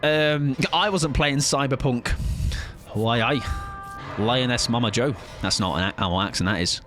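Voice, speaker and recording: A man's voice: medium pitch, music in the background. A man from southern England chatting casually to his viewers while streaming a game, joking at his own expense. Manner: chatty, self-deprecating, quick asides to chat. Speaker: gaming streamer. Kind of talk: casual live-stream chat.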